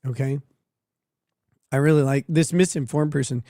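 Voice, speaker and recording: A man's voice: a little high, fairly even intonation, normal speed, dark tone, no room sound, clean studio sound. A man hosting a livestream, reading viewer messages and answering them with crude, sardonic jokes and frequent laughter. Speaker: livestream host. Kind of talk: casual livestream commentary.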